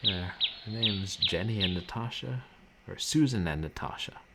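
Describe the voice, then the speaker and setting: A man's voice: lowish voice, normal speed, vocal fry, very noisy. A man casually commenting while playing an old game, with wry, musing asides.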